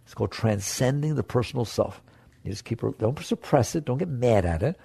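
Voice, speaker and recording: A man with a gravelly voice gives a spiritual talk, coaxing and direct with his listeners. He leaps into playful high tones, then drops to soft, low asides. The sound is dry and close. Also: lively intonation, a little fast, no echo. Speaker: spiritual teacher.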